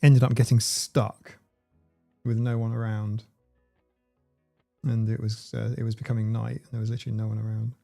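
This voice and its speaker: A man's voice: medium pitch, gravelly, warm tone. A man, hosting a casual livestream and reading out viewers' comments in a chatty, playful way. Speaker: livestream host.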